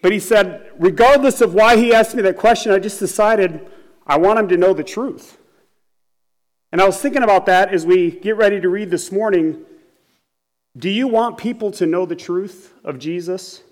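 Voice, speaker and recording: A middle-aged pastor preaching a sermon, telling a story with acted quotes and building to emphatic repeated questions. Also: male voice, sits high, normal speed.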